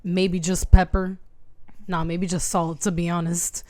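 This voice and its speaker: A woman's voice: fairly low pitch, flat delivery, unhurried, darkish tone, no room sound. A woman co-hosting a podcast who chats casually about a book, laid-back and joking, with profane banter. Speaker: podcast co-host.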